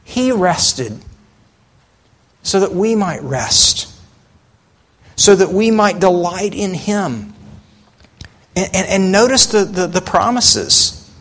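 Slow-talking pastor, man, conversational sermon. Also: high-pitched, big pitch swings, fairly bright tone. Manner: conversational preaching with rhetorical questions and frequent restarts.

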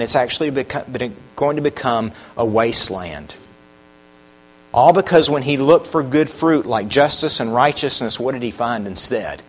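A man's voice: medium pitch, fairly bright tone, low-quality recording. A man preaching a sermon, earnest, often putting questions to the congregation. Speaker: pastor.

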